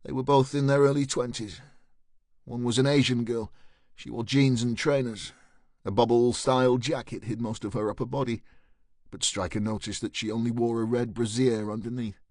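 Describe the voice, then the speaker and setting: Guy narrating a crime audiobook, measured, dry close sound. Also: medium pitch, steady tone, darkish tone, dry recording. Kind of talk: scripted narration.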